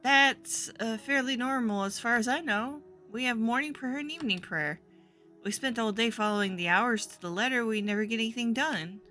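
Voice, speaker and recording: A woman's voice: on the high side, moderate pace, sharp tone, faint music behind, voice pushed up. Woman voicing a polite young nun. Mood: matter-of-fact.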